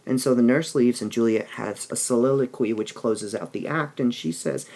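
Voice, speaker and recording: A man with a gravelly, creaky voice teaching a literature lesson. He explains patiently and keeps checking in with the class as he talks. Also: mid-range voice, moderate pace, hardly any pauses, a little mellow. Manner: explanatory, with frequent "all right?" checks. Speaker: English teacher. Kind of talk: recorded lesson.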